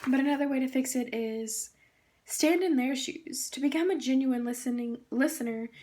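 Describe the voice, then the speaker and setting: Young woman, student presenter, eager, filler-heavy, slightly high voice, casual talk about a book. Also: normal speed, darkish tone. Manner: enthusiastic, many fillers, reads quotes aloud.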